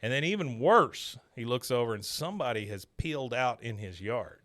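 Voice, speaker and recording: A man of middle pitch hosts a casual podcast and retells a story in a loose, rambling way with lots of filler words. His voice is close and dry, with no room sound around it. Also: lively intonation, moderate pace, a bit bright, no room sound. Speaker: podcast host. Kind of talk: casual episode recap chat.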